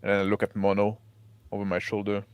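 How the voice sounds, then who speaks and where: A man playing in a tabletop game, describing his character's actions in a steady way. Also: fairly low pitch, brisk, clear, resonant tone, no room sound. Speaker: player. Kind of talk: in-character roleplay.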